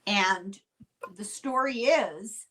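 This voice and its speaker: A woman's voice: mid-range voice, a bit bright. Older woman, chatty storyteller. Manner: chatty and unhurried, dry asides. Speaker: podcast host. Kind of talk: casual true-crime storytelling.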